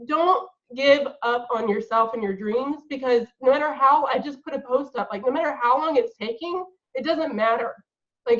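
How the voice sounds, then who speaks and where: A woman's voice: on the high side, highs cut off. A woman giving an earnest, emphatic motivational talk to her sales team on a call. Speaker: guest speaker on a team call.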